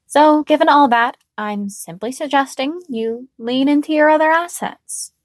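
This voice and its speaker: A woman voicing a cheerful, teasing young female hero who talks in bright, emphatic bursts. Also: high voice, a little slow, no room sound, studio quality, pitched above the performer's own voice.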